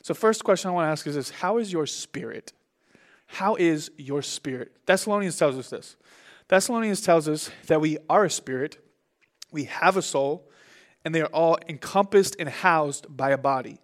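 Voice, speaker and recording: A young man preaching a sermon as pastor, in an animated, conversational way with big swings in his voice. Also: on the high side, normal speed.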